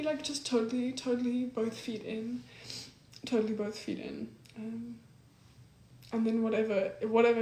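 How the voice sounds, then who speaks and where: A young woman talking casually and earnestly about a breakup, full of likes and ums, reflective and soft. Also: fairly high pitch, echoey room. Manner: soft, earnest, heavy use of like and um. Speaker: host giving breakup advice.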